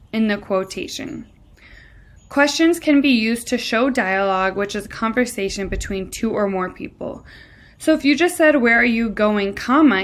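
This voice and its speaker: A woman's voice: medium pitch, fairly bright tone. A woman teacher giving a recorded grammar lesson, walking through each rule step by step and starting many sentences with "so.".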